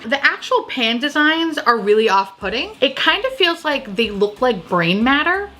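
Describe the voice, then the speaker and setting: A woman's voice: mid-range voice, bright, forceful tone, a little hiss or hum. A young woman giving casual, profane and sarcastic commentary on new makeup releases.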